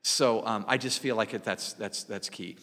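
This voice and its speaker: 60-something guy on a podcast, earnest and thoughtful, bright voice, long echoey reverb. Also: lowish voice, moderate pace. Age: 60s. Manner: earnest, reflective, self-deprecating. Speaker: podcast co-host, parent. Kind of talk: casual conversational podcast chat.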